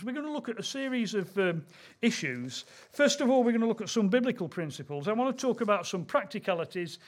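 Man, high-pitched, middle-aged, preaching, chatty storytelling, scripture reading. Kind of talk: sermon.

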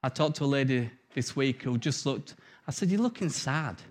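A middle-aged man preaching an informal sermon, telling stories with big swings from loud to hushed. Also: medium pitch, steady tone, normal speed.

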